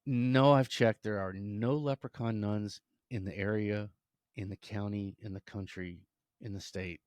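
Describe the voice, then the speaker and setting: Man doing a calm matter-of-fact nun, low and dry, in a joke. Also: fast talker, no room sound. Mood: patient. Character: patient older nun, Mother Superior. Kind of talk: joke telling.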